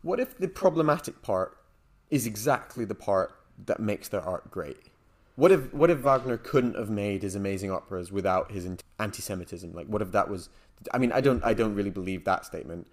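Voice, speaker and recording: A man's voice: fairly low pitch, lively intonation, a little fast. A man co-hosting a casual podcast discussion, thinking aloud with many hedges and fillers. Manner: thoughtful, hedging, frequent "like" and "um". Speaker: podcast co-host.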